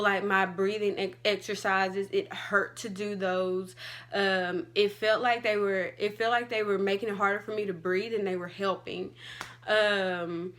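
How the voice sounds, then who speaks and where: A woman's voice: medium pitch, fairly bright tone. A young adult woman vlogging, telling a personal story in a casual, chatty way with lots of "like". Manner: chatty, fillers like "like" and "all like".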